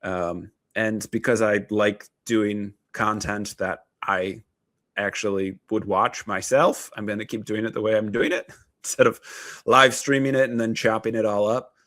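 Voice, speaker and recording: A man's voice: fairly low pitch, steady tone, a little slow, a bit bright, no echo. A man in his thirties, a therapist hosting his own video, talking casually with many fillers, restarts and wry asides. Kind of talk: casual talking-head commentary.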